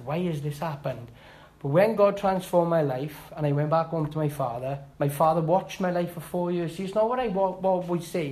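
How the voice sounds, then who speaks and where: A middle-aged man giving a personal church testimony, halting and heartfelt, with restarts and rising emphasis. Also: high-pitched, a little mellow, rough recording. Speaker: testimony speaker.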